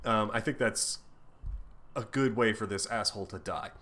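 A man's voice: lowish voice, normal speed. A man co-hosting a podcast, retelling a comic story in casual chat, laughing often and swearing freely. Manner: laughing, profane, animated retelling. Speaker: podcast co-host.

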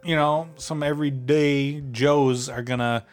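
A man's voice: fairly high pitch, steady tone, measured pace, faint music behind. A man co-hosting a casual podcast, chatty, laughing often and using many fillers. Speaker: podcast co-host.

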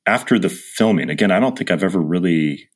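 A male podcast host with a slightly low voice asks his guest questions in a relaxed, conversational way. He breaks in and rephrases his questions while he thinks aloud. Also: fairly quick. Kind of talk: casual interview questions.

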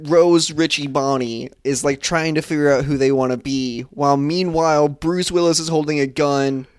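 A man co-hosting a movie podcast, dropping wry puns in casual chat. His voice is a little higher than average and recorded dry. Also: fairly even intonation, normal speed, darkish tone, clear, resonant tone, no echo. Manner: wry, punning. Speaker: podcast co-host.

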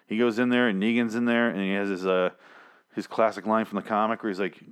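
Low-voiced guy rambling thru an episode recap, sarcastic, swears a lot. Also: fairly even intonation, brisk, smooth. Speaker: podcast host reviewing a TV episode. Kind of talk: casual spoken recap.

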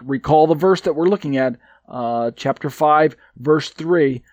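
A man's voice: fairly high pitch, unhurried, darkish tone, dry recording, highs cut off. A man teaching from a Bible commentary he wrote, hesitant, with many fillers and restarts, and leaning hard on his key points. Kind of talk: reading and explaining a commentary.

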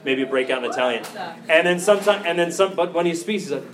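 A priest in his forties giving a casual, animated talk to college students, with frequent jokes and laughter. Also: fairly high pitch, quick pace, distant mic, a crowd in the background. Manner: animated, jokey, laughing asides. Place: campus ministry gathering.

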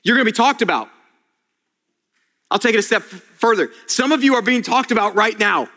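A man's voice: sits high, a little fast, pushed and bright. A man preaching a sermon as a pastor, earnest and casual, often restarting his words and addressing listeners as "you guys.". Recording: long reverb of a large hall.

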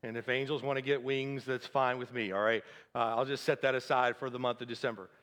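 A man's voice: medium pitch, steady tone, fairly quick, a bit bright, big-room sound. A male pastor preaching a sermon, building to fervent, emphatic passages and easing back to a conversational tone with the congregation.

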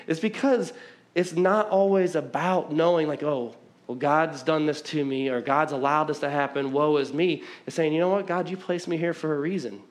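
A middle-aged man from the American Midwest preaching a sermon in a church hall, fast and conversational, often repeating his words as he talks. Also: fairly high pitch. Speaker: pastor.

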